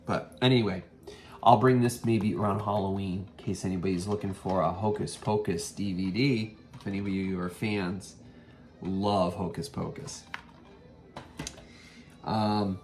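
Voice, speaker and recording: A man hosting a casual thrift haul vlog, rambling with many ums and self-corrections. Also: lowish voice. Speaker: vintage reseller and vlog host.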